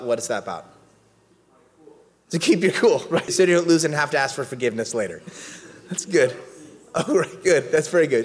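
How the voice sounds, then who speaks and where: A man preaching casually to a congregation, telling a family story with humor and asking the room questions. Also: a little high. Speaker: pastor. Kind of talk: sermon with audience interaction. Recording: hall reverb.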